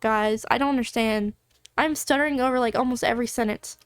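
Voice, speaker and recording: A woman's voice: fairly high pitch, steady tone, brisk, clear, resonant tone, no echo, clean studio sound, faint music behind. A woman reading a story game aloud and reacting emotionally, exclaiming and laughing at her own stumbles. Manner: emotional, exclaiming, self-deprecating. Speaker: game streamer.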